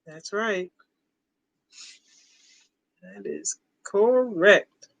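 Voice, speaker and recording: A livestream host in their forties chats in an easygoing, relaxed manner, chuckling often and repeating short replies. Their voice is medium-pitched with drawn-out words. The audio is close and dry, without room echo.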